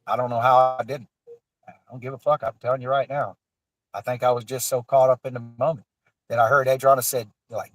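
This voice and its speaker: A man's voice: medium pitch, fairly even intonation, a little fast, no echo, rough recording. Rambling, profane man. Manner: rambling, profane, many fillers and restarts. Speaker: guest telling a personal story. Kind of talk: casual storytelling on a livestream.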